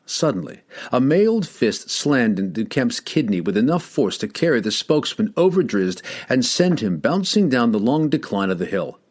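A man narrating a fantasy audiobook in a dramatic, expressive storytelling manner. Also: medium pitch, normal speed, hardly any pauses.

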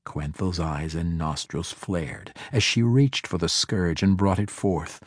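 A man narrating a fantasy audiobook with a dramatic, expressive reading. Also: low voice, slow, hardly any pauses, husky, no echo, studio quality.

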